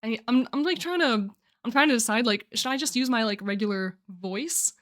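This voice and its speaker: A woman's voice: on the high side, normal speed, a bit bright. Gushing, rambling young woman streamer. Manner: gushing, rambling, many filler "like"s and restarts. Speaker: livestream host. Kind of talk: casual chat reading viewer submissions on a livestream.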